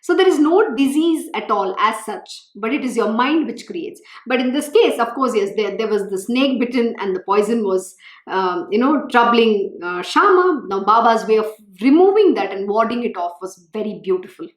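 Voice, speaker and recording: A woman's voice: fairly high pitch, normal speed. A woman, reading from a scripture and telling her own story in an earnest, storytelling way. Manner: earnest, storytelling, animated when recalling her own feelings. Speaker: spiritual teacher reading and expounding scripture. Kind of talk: scripture reading with personal commentary. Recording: echoey room.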